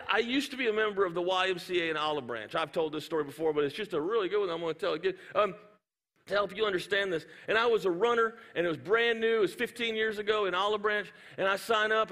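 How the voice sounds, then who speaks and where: A male pastor, preaching with animated storytelling and playful sound effects. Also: high voice, quick pace. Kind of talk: sermon. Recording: hall reverb.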